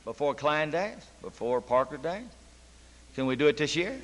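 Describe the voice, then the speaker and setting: A man's voice: on the high side, animated, normal speed, a bit bright. A man preaching a sermon in a church, emphatic and full of rhetorical questions to the congregation. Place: church sanctuary. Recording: long church reverb.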